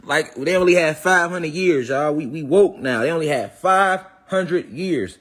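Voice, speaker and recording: A man in hosts a live phone stream from home. His voice sits a touch high for a man, and he rattles off viewers' names in loose, slangy chat. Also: unhurried, fairly bright tone. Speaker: livestream host. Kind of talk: casual livestream chat.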